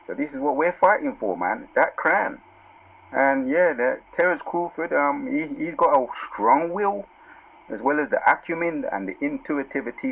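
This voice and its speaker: A man teaching from scripture in a casual sermon, reading verses out slowly and with force, then dropping into low asides and asking "yeah?" and "right?". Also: fairly bright tone, rough recording. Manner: calls out "yeah?" and "right?" to listeners. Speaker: preacher.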